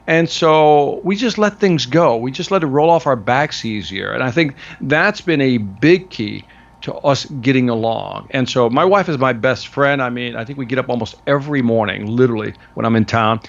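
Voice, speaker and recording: A male guest sales trainer chatting casually in an interview, relaxed and friendly, dropping "man" and "brother" often. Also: mid-range voice, normal speed, creaky, highs cut off.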